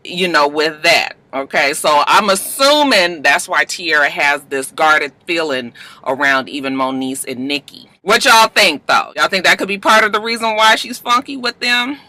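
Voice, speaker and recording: Chatty, very bright woman vlogger. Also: low-pitched, animated, normal speed, few pauses, no room sound. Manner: chatty, profane, addresses viewers directly. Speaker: vlogger recapping a reality show. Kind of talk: casual chat.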